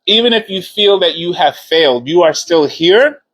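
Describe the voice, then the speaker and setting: A man with a slightly high, bright and forceful voice talks to viewers in a casual live stream. He is encouraging and repeats his points for emphasis. He is speaking into a phone. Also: expressive, normal speed, rough recording.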